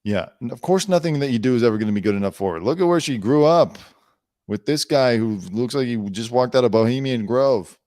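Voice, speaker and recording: Animated and fairly quick, this male entertainment news host has a mid-range, somewhat mellow voice. He reads headlines and veers into sarcastic, rambling riffs as casual commentary, captured in clean studio sound without echo.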